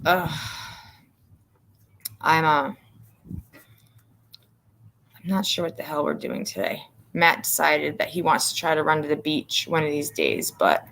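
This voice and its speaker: Chatty woman streamer, slightly low voice. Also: fairly bright tone, a little hiss or hum. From northern US. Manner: rambling, chatty, lots of fillers and restarts. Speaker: livestream host. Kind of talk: casual livestream chat.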